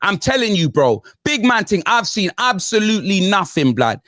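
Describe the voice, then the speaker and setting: A man's voice: high voice, very animated, normal speed, sharp tone, no room sound, studio quality. A man hosting a football panel, ranting animatedly about his team with heavy slang. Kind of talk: heated football banter.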